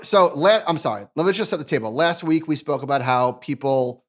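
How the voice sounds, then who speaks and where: A man co-hosting a casual finance podcast, his voice sitting a little on the high side. He talks in an animated, chatty way, often restarting his sentences. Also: a little fast. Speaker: podcast co-host.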